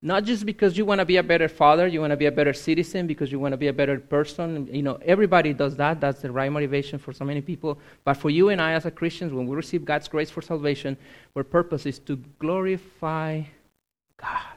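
Earnest high-voiced man preaching a sermon. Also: quick pace, fairly bright tone. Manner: earnest, emphatic, repeats key phrases. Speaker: missionary preacher. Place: church.

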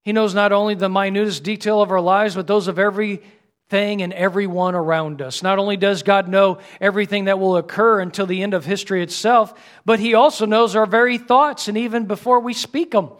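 A middle-aged male pastor preaching a sermon with dynamic delivery, swinging between loud exclamations and hushed lines. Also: sits high, steady tone, brisk.

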